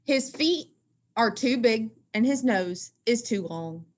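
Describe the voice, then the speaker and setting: A woman teacher reading a rhyming picture book aloud in an expressive, sing-song way. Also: on the high side, takes it slowly.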